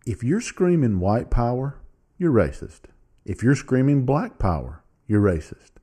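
A man's voice: medium pitch, big pitch swings, measured pace, warm tone, breathy edge. A man hosting his own show, giving blunt, casual opinion commentary straight to the viewer and reading search results aloud. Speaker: podcast host.

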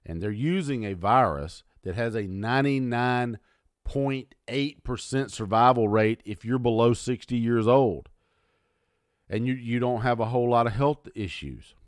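A man ranting angrily on his podcast, swearing often and lurching from low mutters to loud outbursts. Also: a little slow, no echo, clean studio sound. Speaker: podcast host. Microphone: audio only, close mic.

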